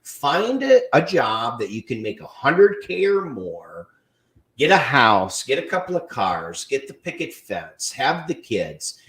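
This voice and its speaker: A man's voice: mid-range voice, big pitch swings, unhurried. A podcast host asks his questions in a rambling way, full of fillers, his volume rising and falling. His voice carries a noticeable room echo. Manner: rambling, filler-heavy, swings loud and soft. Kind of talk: conversational podcast interview. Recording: echoey room.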